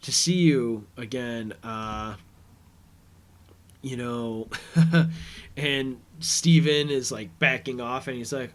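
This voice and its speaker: Man, casual podcast host, rambling episode recap, slow delivery. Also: mid-range voice, fairly bright tone. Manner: rambling, retells scenes with paraphrased quotes.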